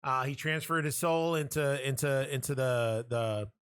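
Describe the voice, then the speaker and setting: A man co-hosting a podcast, chatting casually and profanely, animated as he retells scenes and throws in quick impressions. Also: medium pitch, clean tone, dry recording, studio quality. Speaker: podcast co-host.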